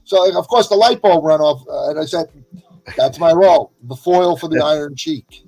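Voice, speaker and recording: A man's voice: on the high side, moderate pace, a little mellow, husky, low-quality recording. A man, a wrestling agent, chatting as a guest with energy and repeating words as he gets going. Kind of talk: casual chat.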